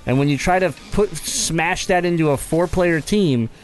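A man co-hosting a casual podcast chat, teasing a friend with lively, exaggerated storytelling. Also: moderate pace. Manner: animated teasing, bursts into high squeaky impressions. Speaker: podcast co-host.

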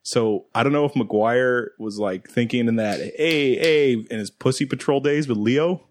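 A man's voice: medium pitch, normal speed, slight background noise. A man co-hosting a casual movie podcast, rambling and laughing as he talks. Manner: rambling, laughs often, acts out quoted lines. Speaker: podcast co-host.

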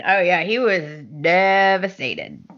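A woman's voice: lowish voice, huge pitch swings, slow pace, a bit bright, highs cut off. A woman co-hosting a podcast, recapping a soap opera in casual chat, acting out the characters' lines and laughing often. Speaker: podcast co-host.

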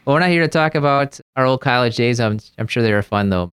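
A man's voice: medium pitch, animated, fast, fairly bright tone, smooth, no echo, studio quality. A middle-aged man hosting a podcast, upbeat and friendly in his banter with guests. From Maryland. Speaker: host.

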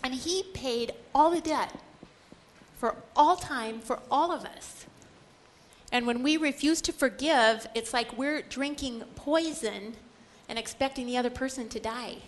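A woman's voice: high voice, measured pace. A middle-aged woman giving an earnest, emphatic Catholic Bible lecture, acting out the quoted lines. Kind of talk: lecture on scripture.

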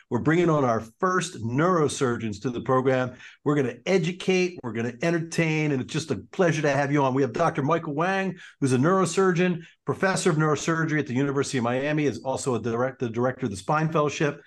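A man's voice: on the high side, brisk, few pauses. A man hosting a podcast interview, upbeat and enthusiastic, often repeating himself. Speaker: podcast host, orthopedic surgeon.

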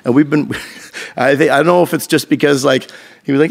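Fast-talking gravelly man telling stories. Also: mid-range voice. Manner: profane, animated storytelling with quoted dialogue. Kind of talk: casual podcast storytelling.

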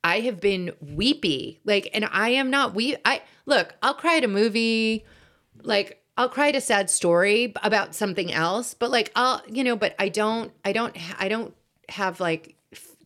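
A woman's voice: medium pitch, expressive, moderate pace, a bit bright. A woman in her forties co-hosting a casual chat, talking in a candid, reflective way and swearing casually. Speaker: podcast co-host.

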